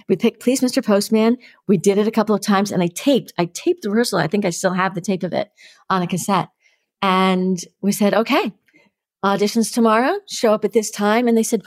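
A middle-aged woman, a podcast guest telling stories with lively energy and acting out the voices in them. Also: mid-range voice, no echo, studio quality. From New York. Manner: lively, acts out the voices in her stories, laughs often. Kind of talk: animated storytelling.

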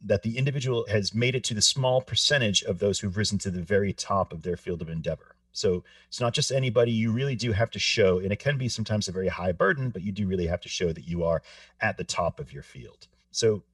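Deep-voiced man, mic set back. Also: fast talker, fairly bright tone, no echo, far from the mic. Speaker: podcast co-host. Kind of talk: casual podcast discussion.

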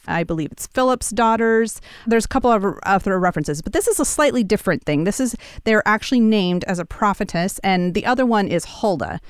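A woman teaches a Bible passage in a relaxed, conversational style, bringing the story to life with animated quoted lines. Her mid-range voice is smooth, captured in studio quality with no echo.

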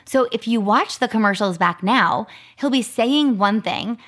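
A woman's voice: on the high side, unhurried. A woman in her thirties co-hosting a podcast, telling a story in casual chat with lots of "like" fillers. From Arizona, US. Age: 30s. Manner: chatty, lots of "like" fillers, animated retelling. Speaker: podcast co-host.

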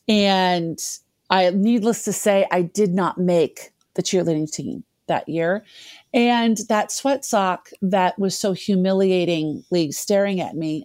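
A woman's voice: medium pitch, dry recording, studio quality. A woman in her fifties, a guest telling a candid, self-deprecating personal story and laughing at herself.

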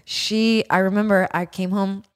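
This woman speaks in a mid-pitched voice and trades quick, crude jokes in podcast banter. Her delivery is casual and playful. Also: fairly even intonation. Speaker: podcast co-host.

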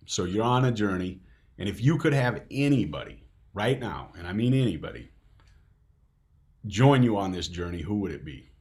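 A man's voice: lowish voice, lively intonation, moderate pace, darkish tone. A middle-aged man hosting a faith podcast, speaking earnestly in a casual conversational way. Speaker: podcast host.

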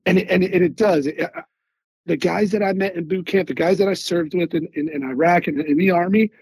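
A man from Philadelphia, an Army veteran and guest on an interview show, telling stories in an animated way and often repeating words as he searches for them. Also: high-pitched, brisk, vocal fry, husky, dry recording, low-quality recording. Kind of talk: casual interview storytelling.

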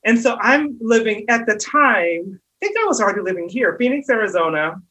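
A woman hosts a relaxed interview in a slightly husky voice. She affirms her guest often and tells her own story with enthusiasm. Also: fairly high pitch, brisk, poor audio. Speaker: host. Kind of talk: casual interview conversation.

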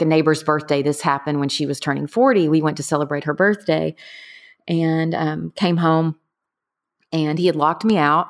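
Low-voiced middle-aged woman, earnest, telling her own story with lots of ums. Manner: candid, earnest, trailing off with fillers. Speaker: guest. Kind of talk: personal storytelling in conversation.

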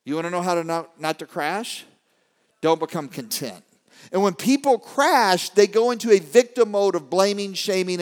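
A fairly high-voiced man gives a rousing keynote from a stage, jumping from quiet, confiding lines to shouted bursts. He keeps firing questions at the crowd and pushing for answers. The sound rings with the long reverb of a big hall. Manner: dynamic, swings from hushed to shouting; rallies the crowd with call-and-response questions. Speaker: motivational speaker. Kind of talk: live keynote to an audience.

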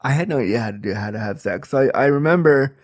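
A man's voice: medium pitch, lively intonation, fast. A man in his thirties telling a comic personal story, candid and chatty, full of fillers. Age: 30s.

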